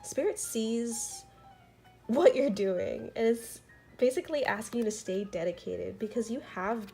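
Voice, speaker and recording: Young woman tarot reader, casual and heartfelt, filler-heavy, light laughs, faint music underneath. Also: medium pitch. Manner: chatty and earnest, many fillers and soft laughs. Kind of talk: casual tarot reading vlog.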